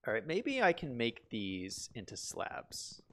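A man chats casually through a live game stream, thinking out loud and answering viewer comments. His pitch swings widely from line to line, giving the talk a very animated feel. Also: slow pace, slight background noise. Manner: chatty, reads viewer comments aloud, asks himself questions. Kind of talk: casual live-stream chat while playing.

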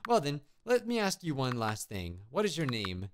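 A man reading the lines of a lonely, motherly woman witch who lives alone in the woods, in a soft and polite way. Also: mid-range voice, wildly swooping pitch, moderate pace, a little hiss or hum. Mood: wistful. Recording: game music behind.

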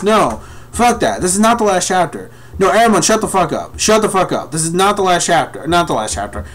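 Reading through a manga live, this young man answers his viewers with high-pitched, excited, foul-mouthed commentary as he reviews it.

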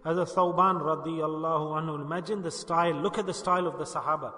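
A man's voice: fairly high pitch, steady tone, quick pace, pushed and bright. A man preaching a sermon to a gathering, emphatic and repeating his key points. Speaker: Sufi preacher. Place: gathering hall. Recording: echoey hall, long reverb.

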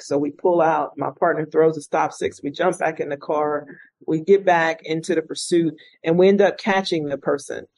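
A woman's voice: deep voice, no room sound, low-quality recording. A middle-aged woman, an interview guest, telling her life story in an earnest, reflective way. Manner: earnest, reflective, animated when quoting others. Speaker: interview guest, retired state police officer. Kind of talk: conversational storytelling.

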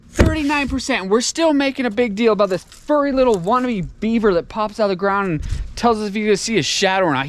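A man from Tennessee, vlogging casually outdoors in a farmyard while he does chores, ranting and sarcastic. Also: high voice. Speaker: homestead vlogger. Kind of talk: casual vlog.

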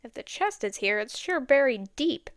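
A woman's voice: sits high, expressive, normal speed, dry recording, studio quality. A woman voicing a grumbling young man in an audiobook, groaning and complaining.

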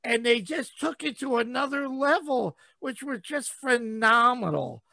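A man hosting a podcast interview in casual chat, excitable and cursing freely. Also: very high voice, measured pace, vocal fry. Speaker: podcast host.

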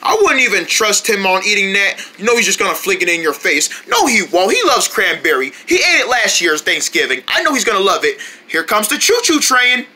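A playful creator runs a homemade toy skit, voicing lines with a bouncy, sing-song lilt. The tone is very bright and lively, and faint hiss sits behind it. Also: medium pitch, brisk, few pauses. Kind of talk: playful improvised skit dialogue.

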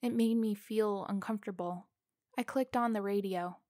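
A woman narrating a scripted first-person story in a slow, deliberate, suspenseful way. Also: medium pitch, fairly even intonation, darkish tone, no room sound, clean studio sound.

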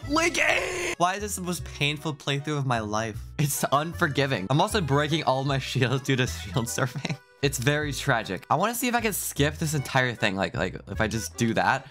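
A man's voice: medium pitch, animated, brisk, hardly any pauses, fairly bright tone, soft background music. A young man giving let's play commentary, self-mocking and laughing often, breaking into yelps of alarm. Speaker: gaming YouTuber.

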